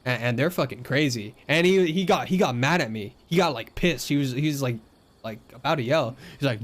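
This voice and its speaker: A man's voice: mid-range voice, fairly quick. Rambling young man telling a game story. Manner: rambling, filler-heavy, animated quoting of others. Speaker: storyteller recounting a game session. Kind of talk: casual storytelling.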